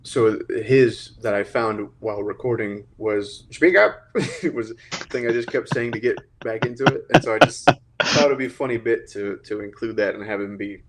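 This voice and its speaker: A man's voice: lowish voice, steady tone, normal speed, slight background noise. Hesitant American man, lots of ums. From United States. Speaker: guest, cartoon creator. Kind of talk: casual chat. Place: home recording space.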